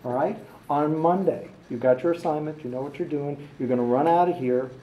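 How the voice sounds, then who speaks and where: A man teaching a music class, brisk and upbeat as he directs the students. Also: fairly high pitch, distant mic, lo-fi sound. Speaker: music education professor. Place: large echoey classroom. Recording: roomy classroom audio from afar.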